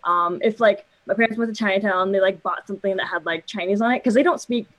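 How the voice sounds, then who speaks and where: A woman tells a quick anecdote to a group of friends. She talks fast, packed with fillers. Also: medium pitch, crowd noise, rough recording. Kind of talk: casual group chat.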